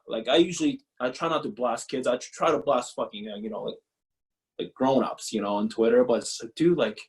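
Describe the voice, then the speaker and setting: A former pro pitcher in his thirties talks bluntly and profanely in a casual interview, laughing often. The audio quality is poor.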